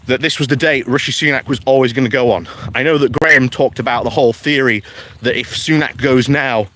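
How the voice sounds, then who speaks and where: Walking outdoors in the countryside one morning, a man live-streams chatty political commentary, frequently chuckling and reading viewer comments. His mid-range voice is fairly quick, a bit bright, and fairly even in intonation, with slight background noise.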